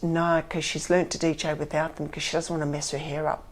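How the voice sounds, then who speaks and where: Aussie woman in her 50s telling her story, low gravelly voice, acts out the quotes. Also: level tone, brisk. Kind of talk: candid storytelling.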